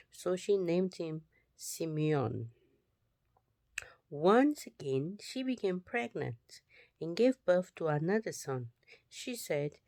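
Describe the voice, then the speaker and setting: A woman reads scripture in a slow, unhurried way, her voice sitting a little low. She sometimes drops into a whisper. The sound is close and dry. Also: sing-song, warm tone, no room sound. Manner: slow, deliberate reading that drops to a whisper at times. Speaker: Bible reader. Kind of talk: scripture reading.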